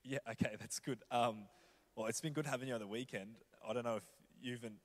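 Hesitant, quick-talking man in a hall. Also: mid-range voice, fairly even intonation. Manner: hesitant, with fillers and trailing off. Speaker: pastor. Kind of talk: improvised demo conversation. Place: large church hall. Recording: long reverb of a large hall.

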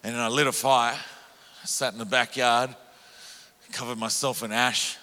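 A middle-aged evangelist tells stories from the pulpit, animated and self-mocking, often breaking into laughs. His voice is bright and forceful, in a mid register. Long reverb from a large hall trails his words. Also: medium pitch, measured pace. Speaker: evangelist preacher. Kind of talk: storytelling sermon. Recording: echoey hall.

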